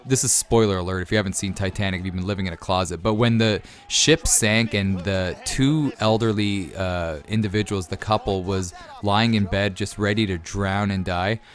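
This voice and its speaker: A low-voiced man in his thirties talks loosely and rambles as he answers viewer questions between game moments. His delivery is casual and easygoing, with plenty of fillers, like a YouTuber talking to his regular audience. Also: a bit bright. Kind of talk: casual Q&A over gameplay.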